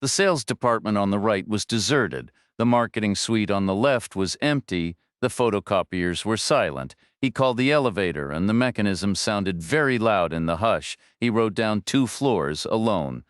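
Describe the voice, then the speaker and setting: Low, smooth audiobook narrator, a man. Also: animated, moderate pace, few pauses, no echo, clean studio sound. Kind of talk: scripted thriller narration.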